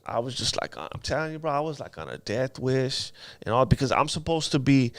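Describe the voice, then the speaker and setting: A man's voice: medium pitch, very animated, brisk, creaky, no echo. A man telling his life story in an interview, in casual street slang, often asking "you know what I mean". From Los Angeles area. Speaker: guest.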